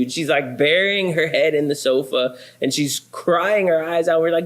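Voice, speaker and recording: A man's voice: fairly high pitch, normal speed, few pauses. A man in his thirties, a pastor, telling funny family stories in a sermon. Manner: animated, self-deprecating, comic. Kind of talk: humorous sermon storytelling.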